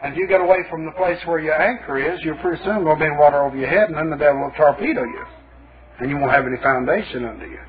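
A man's voice: on the high side, very fast, a crowd in the background. A man preaching a sermon, telling stories in a folksy, emphatic, wry way. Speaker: pastor. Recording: tinny phone-like old tape.

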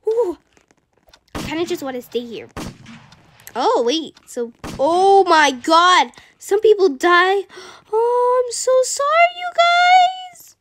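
A timid, gentle young pony girl, as a woman puts her on chatters nervously through a game, her voice pitched very high and bouncing up and down. She frets and gasps at each scare in a small cartoonish way. A steady hiss of noise sits under the recording. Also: takes it slowly, full character voice. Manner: easily frightened, gasps and soft exclamations. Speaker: gamer. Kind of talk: playing a video game in character. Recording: constant background noise.

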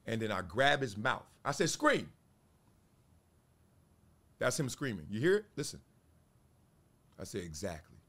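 A man in his forties hosting a casual commentary show, talking in an animated way and acting out little quotes. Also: lowish voice, normal speed. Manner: animated, acts out voices and quotes. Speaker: show host.

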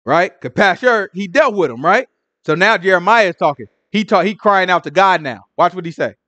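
Animated high-voiced male Bible teacher. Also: a little fast, no echo. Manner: animated, acts out scripture figures, stutters. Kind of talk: casual Bible study preaching.

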